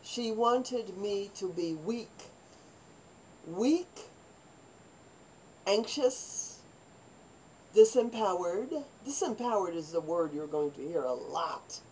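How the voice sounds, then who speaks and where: An older woman in a personal storytelling monologue, rambling and animated, acting out the voices of people in her stories. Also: mid-range voice, slow, pauses often, a little hiss or hum, poor audio. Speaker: vlogger telling her life story.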